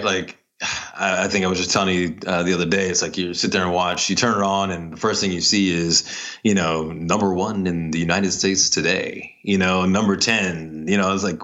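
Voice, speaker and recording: A man co-hosting a casual podcast, rambling animatedly with quick asides. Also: deep voice, fairly bright tone, dull audio. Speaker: podcast co-host.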